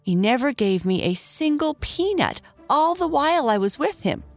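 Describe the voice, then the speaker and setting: A woman's voice: sits high, sing-song, moderate pace, no echo, faint music behind, pitched above the performer's own voice. Woman doing a rueful toy elephant. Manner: chatty, rueful, slightly funny voice. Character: friendly broken male toy elephant.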